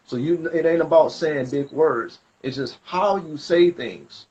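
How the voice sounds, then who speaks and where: A man's voice: on the high side, measured pace, a little mellow. Man rambling through a spiritual reading. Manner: loose, rambling, slangy explanations. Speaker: spiritual reader. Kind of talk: casual spoken reading. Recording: dull lo-fi recording.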